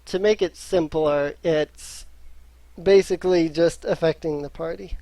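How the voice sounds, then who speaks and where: A man running a tabletop game as game master, pausing often with ums. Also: fairly high pitch, steady tone, warm tone, no room sound. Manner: hesitant, many ums.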